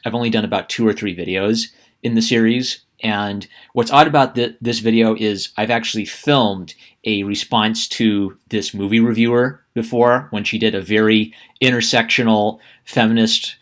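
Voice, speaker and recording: Sarcastic, low-voiced male commentator. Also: fairly even intonation, moderate pace. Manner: sarcastic, with frequent restarts. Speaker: YouTube commentator. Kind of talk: opinionated commentary vlog.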